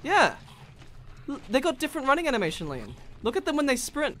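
Excitable man narrating gameplay, lively pitch. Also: fairly quick. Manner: excitable, laughs often, swings between mumbling and yelling. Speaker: gaming video host. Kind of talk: casual gameplay chat.

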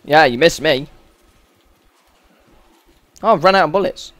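Male let's-play host, slightly high voice, sweary and exasperated, dry close sound. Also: unhurried, a bit bright, no room sound. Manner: sweary, exasperated running commentary. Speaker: gaming channel host. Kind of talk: let's-play game commentary.

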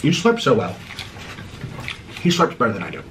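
A man hosting a casual eating vlog, excitable and squealing, bickering playfully. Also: medium pitch, normal speed, background noise. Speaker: mukbang host. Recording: clattering dishes and clicks behind.

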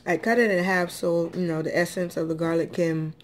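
In a casual mukbang eating vlog, a woman with a fairly low, level voice talks a little fast, drawling and chatty with plenty of ums. Dishes and cutlery clink in the background, and there's a little hiss or hum.

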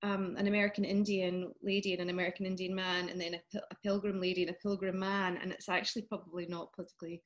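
A woman's voice: on the low side, level tone, quick pace, hardly any pauses. A Scottish woman chatting casually as an interview guest over a video call, laughing often and trailing off. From Scotland. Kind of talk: casual chat.

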